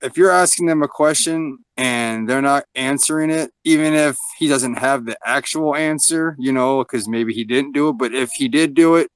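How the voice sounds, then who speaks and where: A man's voice: mid-range voice, normal speed, few pauses, clean tone, no echo. A plain-spoken man giving his opinion in a casual group voice chat.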